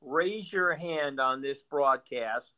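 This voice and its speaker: A man's voice: medium pitch, takes it slowly, pushed and bright. A male guest talking politics bluntly and sarcastically, often repeating words as he builds a point. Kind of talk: animated political talk.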